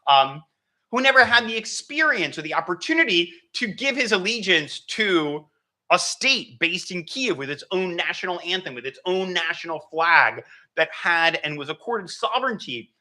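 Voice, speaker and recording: A man giving an academic history lecture, animated and thinking aloud with frequent fillers. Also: high-pitched, moderate pace, rough recording.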